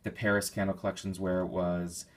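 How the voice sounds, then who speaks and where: A man's voice: deep voice, flat delivery, brisk. A man giving a casual, rambling product review, thinking aloud with many fillers and restarts. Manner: detailed, thinks aloud while describing scents. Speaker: candle reviewer.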